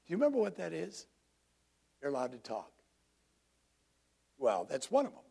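A man's voice: fairly high pitch, huge pitch swings, normal speed, vocal fry, warm tone, slightly rough. A man preaching a sermon to his congregation in a conversational way, drawing listeners in. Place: church congregation.

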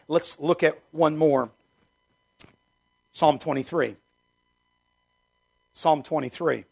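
A middle-aged man preaching a sermon in a gravelly, slightly high voice. He hammers key phrases again and again and moves from ringing emphasis to quiet, low asides. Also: fairly even intonation, slow, pauses often. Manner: emphatic, repeats key phrases, swings from loud to hushed. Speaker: pastor.

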